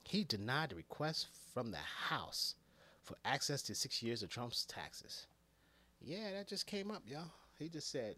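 Animated man ranting, pitch jumping everywhere. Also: measured pace. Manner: animated, profane, swings from hushed to shouting. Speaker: EMT giving movie reactions. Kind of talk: casual rant to camera.

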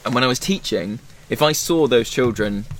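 A man's voice: medium pitch, animated, normal speed, a little hiss or hum. A man, a forest school leader and former teacher, chatting casually in a rambling way and acting out quotes. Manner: rambling, self-interrupting, acts out quotes. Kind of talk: casual chat.

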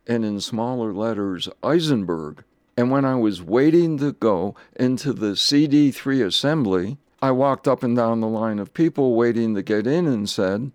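A man's voice: mid-range voice, animated, measured pace, a little mellow, no echo. A man hosting a radio program, reading scripted narration with dry, punning humor. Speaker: radio show host.

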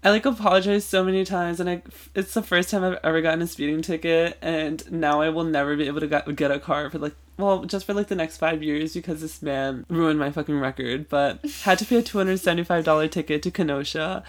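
A man's voice: fairly high pitch, fairly even intonation, a little fast, few pauses. Young man rambling through a story. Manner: rambling, full of "like" fillers and swearing. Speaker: podcast co-host. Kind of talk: casual chat, storytelling.

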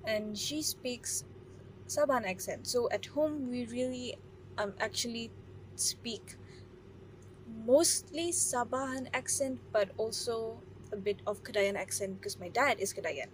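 A woman's voice: a little high, unhurried, a little hiss or hum, low-quality recording. Chatty Malaysian woman in her twenties. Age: 20s. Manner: chatty, rambling with many fillers. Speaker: vlogger. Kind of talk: casual monologue to camera. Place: parked car.

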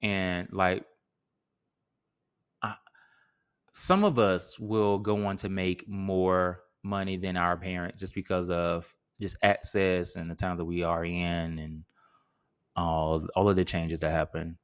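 A man's voice: low-pitched, level tone, slow pace, clean tone. A man hosting a solo podcast in a casual, joking, slangy way. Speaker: podcast host.

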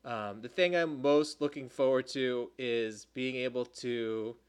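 A man co-hosting a casual sports podcast, talking in an animated, exasperated way with quick asides. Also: medium pitch, clear, resonant tone. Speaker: podcast co-host.

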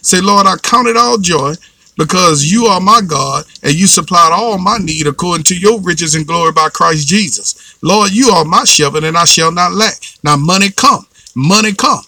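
A man's voice: on the high side, normal speed, few pauses, pushed and bright, no room sound. A man preaching a fervent sermon, urging the congregation with repeated calls and responses. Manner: fervent, repetitive exhortation with call-and-response.

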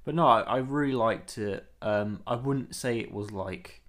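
A man's voice: lowish voice, a little slow, fairly bright tone. A man co-hosting a podcast in casual chat, hesitant, with many fillers. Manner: hesitant, fills with "um" and "like". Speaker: podcast co-host.

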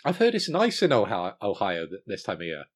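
A man's voice: fairly low pitch, wildly swooping pitch, brisk, slightly rough. A man co-hosting a podcast, trading wry, teasing banter. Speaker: podcast co-host. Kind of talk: casual podcast chat.

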